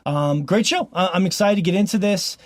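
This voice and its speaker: A man's voice: high voice, fairly quick, dry recording. A man from Montana hosting a casual podcast, joking and laughing often between frequent ums. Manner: jokey, laughs often, fillers like um. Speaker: podcast host.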